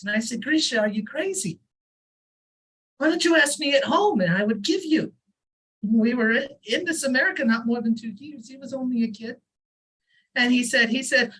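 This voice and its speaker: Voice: mid-range voice, expressive, normal speed, fairly bright tone, husky, voice pushed up, poor audio. A performer voicing an elderly immigrant father who lectures earnestly, reading a story aloud at an open mic. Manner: fussy, insistent advice-giving.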